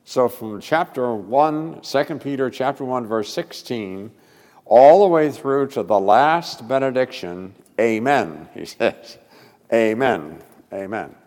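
A male pastor preaching a sermon with expressive delivery and sudden loud emphasis. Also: medium pitch, a little slow, big-room sound.

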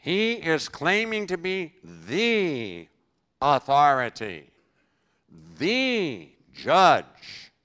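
A man preaching in a bright, forceful voice that leaps around in pitch. He punches key phrases loudly, then drops to a near-murmur, and answers his own rhetorical questions. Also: big pitch swings, drawn-out words. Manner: emphatic, with sudden loud bursts and drops to quiet. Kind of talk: sermon.

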